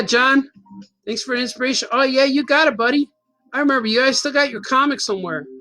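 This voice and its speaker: A man's voice: high-pitched, fairly bright tone. A man in his fifties telling a rambling, self-mocking story in a casual chat as a cartoonist host. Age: 50s. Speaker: cartoonist hosting a stream.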